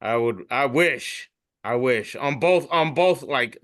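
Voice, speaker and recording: Bright-voiced man reading memes. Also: mid-range voice, lively intonation, slow pace. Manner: loose, profane, jokey; comedian. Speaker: podcast host reading memes. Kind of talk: casual comedic meme reading.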